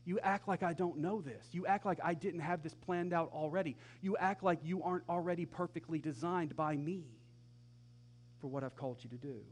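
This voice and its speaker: A man's voice: fairly high pitch, moderate pace, warm tone, close to an everyday voice. A pastor voicing God as a patient, firm father figure, talking in casual modern phrases with emphatic rhetorical questions.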